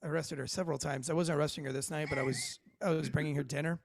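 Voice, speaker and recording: A man from Florida, a podcast guest, telling stories in a casual, profane, animated way. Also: fairly high pitch, rapid-fire, creaky, slight background noise. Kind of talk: casual storytelling chat.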